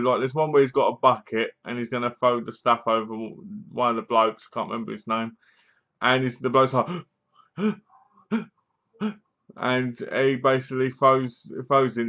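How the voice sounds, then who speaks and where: A man at an ordinary mid pitch talks casually through a film's plot, slipping in dry, mocking jabs. He acts out snatches of scenes in comic voices as he goes. The recording sounds slightly dull and lo-fi. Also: sharp tone. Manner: rambling, acts out bits of scenes in funny voices. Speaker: film reviewer. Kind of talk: casual spoken movie review.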